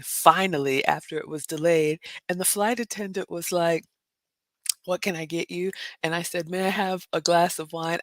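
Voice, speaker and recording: Chatty Southern woman, low dry voice. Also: no echo. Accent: Southern American. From American South. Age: middle-aged. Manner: chatty and animated, addresses viewers as "y'all", laughs often. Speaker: vlogger. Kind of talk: casual storytelling vlog.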